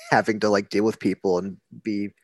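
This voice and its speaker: A man's voice: lowish voice, huge pitch swings, moderate pace, dry recording. A man co-hosting a podcast in casual chat, joking, laughing often and swearing offhand. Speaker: podcast co-host.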